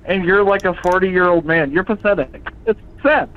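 A man's voice: sits high, normal speed, slight background noise. A man calling in to a radio show, mocking and insulting another caller in a heated argument, repeating himself. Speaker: phone-in caller. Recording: tinny phone line.

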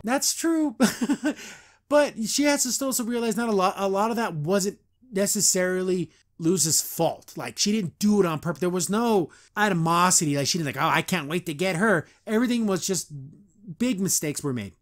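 Chatty high-voiced young man. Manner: chatty, quotes characters in quick voices, frequent laughs. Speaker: podcast host reviewing a cartoon. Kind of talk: casual reaction commentary.

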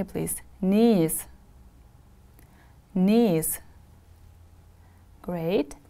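A woman teaching an English vocabulary lesson to schoolchildren, from Kyrgyzstan, speaking slowly and clearly and having pupils repeat words after her. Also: medium pitch, warm tone.

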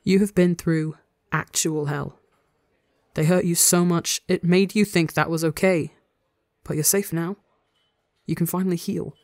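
A gentle young man who speaks soft and low, reassuring his partner with steady tenderness, as a reader puts him on. It sounds like an audio story, in a mid-pitched voice recorded close and dry. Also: unhurried, no echo, close to an everyday voice. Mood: tender.

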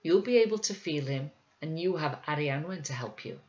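A woman's voice: low voice, lively intonation, moderate pace, darkish tone, lo-fi sound. A woman voicing a sickly but determined young girl who speaks earnestly. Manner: earnest, insistent.

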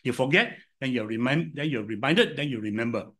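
Animated older Singaporean pastor preaching. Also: male voice, medium pitch, fairly quick. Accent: Singaporean English. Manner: animated storytelling, swinging from loud to soft. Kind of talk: sermon.

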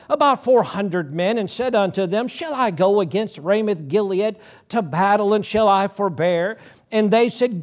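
A man with a notably high voice preaching to his congregation. He retells scripture in his own words, stumbling and restarting phrases as he goes. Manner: preaching with many repeated starts and retold Bible dialogue. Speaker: pastor. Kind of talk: sermon.

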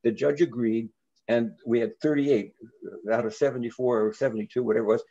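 An older man, a reverend, telling a story in an interview in an earnest way, with frequent halting restarts. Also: medium pitch, steady tone, mellow, highs cut off.

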